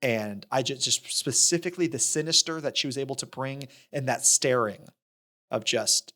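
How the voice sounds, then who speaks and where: A man's voice: medium pitch, moderate pace. A young man co-hosting a podcast, animatedly retelling a film scene with lots of "like" and acted-out quotes. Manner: animated retelling, acts out character lines, frequent fillers. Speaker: podcast co-host. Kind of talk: casual film discussion.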